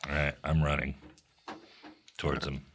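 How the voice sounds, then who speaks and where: A man's voice: extremely low pitch, flat delivery, moderate pace, a bit bright. A man playing in a tabletop game, chatting casually and joking with plenty of swearing. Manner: joking, profane. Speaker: player.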